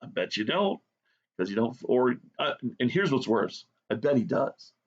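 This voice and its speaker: Brief: blunt, sarcastic man on a profane rant, mid-pitched voice, muffled lo-fi recording. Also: big pitch swings, moderate pace. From United States. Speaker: art vlogger. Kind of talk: profane rant while drawing.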